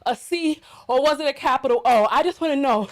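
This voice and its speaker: A woman's voice: sits high, brisk, slight background noise. A woman hosting a casual livestream, exuberant and playful, chatting to her viewers while out of breath. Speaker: livestream host.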